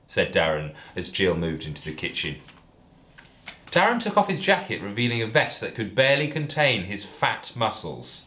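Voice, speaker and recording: Deadpan male comedian reading a parody. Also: fairly low pitch, moderate pace. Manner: deadpan, mock-earnest.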